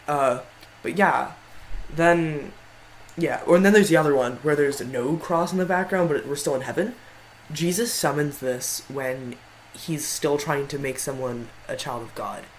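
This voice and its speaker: A man's voice: on the high side, measured pace, a little hiss or hum, rough recording. A man giving casual tier-list commentary in a rambling way, often stopping to correct himself. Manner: rambling, frequent self-corrections. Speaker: video creator.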